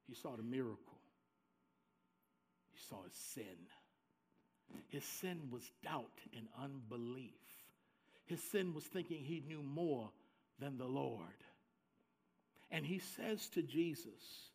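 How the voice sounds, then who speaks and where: A man preaching a sermon as pastor, with dramatic swings from soft low asides to loud, high cries. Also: animated, slow pace, pauses often, husky.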